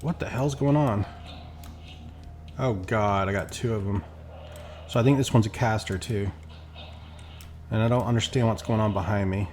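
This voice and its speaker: A man's voice: fairly low pitch, normal speed, long pauses, a little mellow, a little hiss or hum. A man chatting casually while playing a game, rambling and acting out quoted exchanges. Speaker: gameplay streamer. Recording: faint background music.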